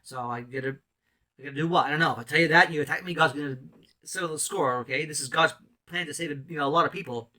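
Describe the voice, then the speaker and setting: A man's voice: a little high, quick pace, bright, forceful tone. A man in ministry giving an impassioned, rambling testimony sermon full of restarts and emotional outbursts. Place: island mission.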